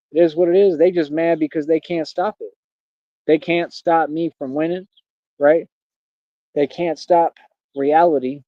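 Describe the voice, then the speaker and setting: A livestream host with a slightly high voice delivers an unscripted monologue that is boastful, defiant and mocking. The recording is dry, with the highs cut off.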